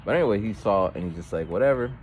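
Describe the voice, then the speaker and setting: Low-voiced man rambling on a walk. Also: expressive, rapid-fire, slight background noise. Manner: rambling, with false starts and voiced quotes of others. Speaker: vlogger. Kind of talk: casual storytelling while walking. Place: outdoors on a street.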